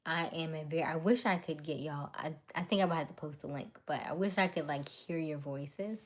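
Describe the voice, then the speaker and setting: A woman with a low-pitched, brisk voice hosts a casual livestream. She chats with her viewers, answers their comments, and laughs often.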